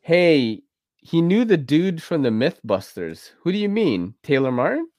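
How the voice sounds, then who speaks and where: A man's voice: a little high, big pitch swings, unhurried, a little mellow, dry recording, studio quality. A man hosting a podcast while drunk, rambling casually between laughs and curses. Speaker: podcast host.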